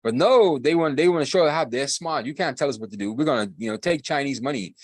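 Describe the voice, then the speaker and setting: A man's voice: mid-range voice, animated, fast talker, no room sound. A man co-hosting a podcast, ranting emphatically and repeating himself in casual political talk. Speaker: podcast co-host.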